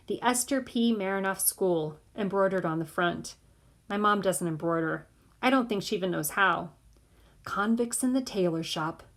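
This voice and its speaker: A woman narrating an audiobook in the first person of a boy, in a measured way. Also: medium pitch.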